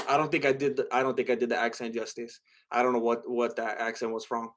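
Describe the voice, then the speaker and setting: A man's voice: medium pitch, steady tone, fairly quick, few pauses, noisy background. A young man hosting a casual livestream and reading out chat, talking in a rambling, hesitant way with lots of fillers and restarts.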